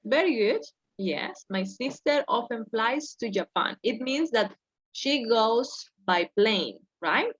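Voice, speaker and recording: A woman's voice: a little high, lively intonation, slow pace, fairly bright tone, husky, lo-fi sound. A woman teaching an English class over a video call, patiently correcting her students step by step.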